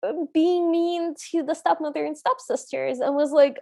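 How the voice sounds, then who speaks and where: High-voiced woman, frank podcast co-host. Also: steady tone, moderate pace, gravelly, hardly any pauses, dark tone. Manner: earnest, opinionated, frank about likes and dislikes. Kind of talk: casual chat.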